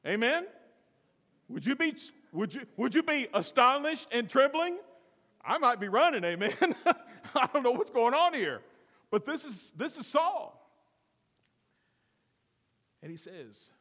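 A man preaching a sermon with dramatic swings from loud to hushed, acting out the voices in the story. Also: high-pitched, sing-song, measured pace, pauses often, big-room sound. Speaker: pastor.

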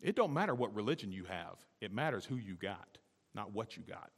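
A man preaching a sermon as a pastor, talking emphatically and building to loud, high exhortation. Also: big pitch swings, a little fast, vocal fry, husky, in a large hall. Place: church sanctuary.

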